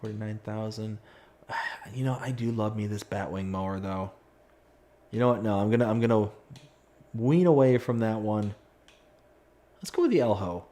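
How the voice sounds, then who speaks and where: He speaks on the low side at normal speed, his tone dark and broken by long pauses. While streaming a farming game, he casually reads viewer comments aloud and mocks himself whenever frustration suddenly flares.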